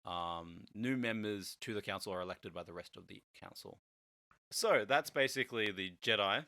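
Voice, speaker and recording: A man hosting a casual podcast, explaining at length and often stumbling into restarts. His voice is bright and forward, and he laughs easily as he goes. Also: lowish voice, moderate pace. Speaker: podcast host. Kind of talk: casual chat.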